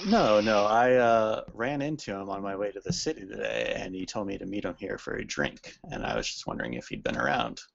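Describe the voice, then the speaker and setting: A man's voice: on the low side, lively intonation, fairly quick, vocal fry, few pauses, dull audio, slight background noise. A man playing a tabletop game, easygoing and in character. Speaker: player.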